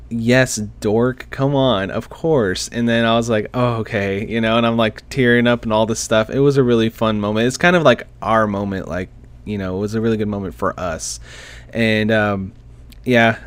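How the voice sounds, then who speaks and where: A man's voice: mid-range voice, no echo. Chatty young man telling a story. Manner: chatty, laughs often, self-deprecating. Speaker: vlogger. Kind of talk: casual storytelling to camera. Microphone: desk microphone.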